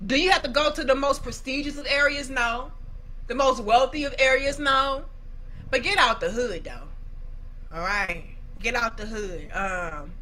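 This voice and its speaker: Young woman, high voice, bright edgy tone, profane, dramatic storytelling. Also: slight background noise, poor audio. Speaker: commentary channel host. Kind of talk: casual commentary on viewer comments.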